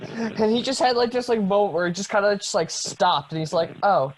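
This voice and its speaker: A man's voice: high-pitched, fairly quick, slight background noise, rough recording. A young man co-hosting a podcast, telling a long story in a casual, rambling way with lots of ums and restarts. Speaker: podcast co-host. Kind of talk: casual chat.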